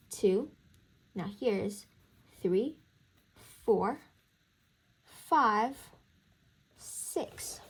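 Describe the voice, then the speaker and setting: A woman's voice: mid-range voice, husky. A young woman tutoring music theory in a casual walkthrough, counting beats aloud and encouraging the student. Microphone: camera mic at a desk.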